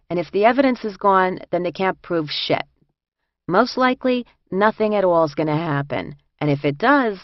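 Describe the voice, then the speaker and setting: Woman voicing blunt streetwise inmate, low, dry and dull recording. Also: dry recording, natural voice.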